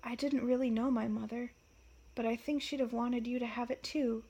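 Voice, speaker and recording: Gentle wizard father, read by a woman, quiet, hesitant, soft, fairly high voice. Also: fairly even intonation, moderate pace, breathy edge, highs cut off. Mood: tender. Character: weary middle-aged father, gentle wizard.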